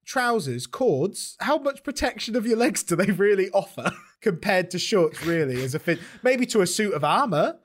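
A man co-hosting a casual podcast, playful and quick to laugh, reading passages aloud in a mock-serious tone. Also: high voice, sing-song, a little hiss or hum. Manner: playful, reads quotes with mock gravity and laughs often. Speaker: podcast co-host.

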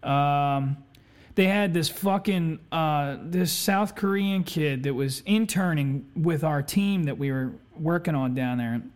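A man hosting a podcast tells a story in a laid-back, chatty way, swearing constantly and saying "you know" a lot. His voice is on the high side, slow, clear and resonant.

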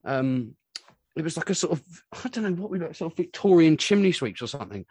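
A man in his forties, a musician being interviewed, telling stories in a rambling, animated way with lots of filler words. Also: on the high side, fairly quick, husky, dry recording. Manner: rambling, animated storytelling full of "you know". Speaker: musician guest. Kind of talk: casual interview chat.

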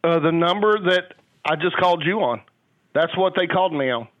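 A man's voice: fairly high pitch, normal speed, a bit bright, no echo. An older man on a phone call, a father who talks in a rambling, hesitant way with many fillers. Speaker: caller, a father. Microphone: telephone. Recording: tinny phone line.

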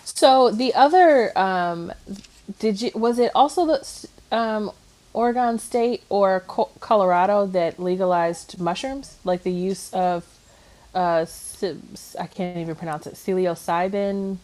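A woman co-hosting a casual discussion podcast from home, talking in an animated way, full of fillers and emphatic agreement. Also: mid-range voice, measured pace. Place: at home, dogs nearby.

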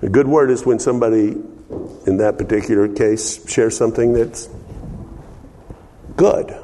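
Older male pastor, slow folksy sermon delivery, mellow dark tone, long hall echo. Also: fairly low pitch, level tone, a little hiss or hum. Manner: folksy, asks the congregation for amens.

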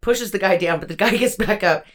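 A woman's voice: medium pitch, fairly quick. Crude, jokey woman in podcast banter. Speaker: podcast co-host. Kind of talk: casual movie recap chat.

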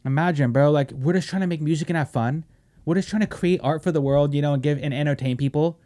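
A man hosting a podcast, ranting loudly and mockingly with heavy swearing, dropping to low mutters between outbursts. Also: fast talker. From Washington State, US. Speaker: podcast host. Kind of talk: casual podcast rant.

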